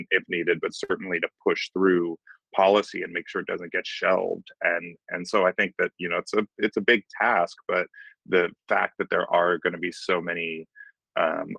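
A male magazine editor answering as a guest in an interview, halting with many restarts. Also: low-pitched, vocal fry, pushed and bright, husky, no room sound, poor audio.

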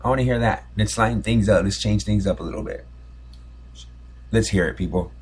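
Husky, low-voiced man rambling nostalgically. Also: a little fast. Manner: rambling, nostalgic storytelling with many restarts. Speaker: podcast host. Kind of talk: casual solo podcast monologue.

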